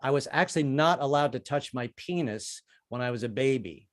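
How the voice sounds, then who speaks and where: A man's voice: animated, fairly quick. An older man performing a stand-up set in a comedy club, chatty and self-deprecating, with lots of restarts. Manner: chatty, self-deprecating, jumps into high-pitched character voices for quoted people.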